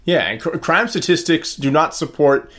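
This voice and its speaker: A man's voice: fairly high pitch, lively intonation, normal speed, fairly bright tone. A man hosting a casual political talk show, opinionated and rambling as he sets up topics. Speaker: host.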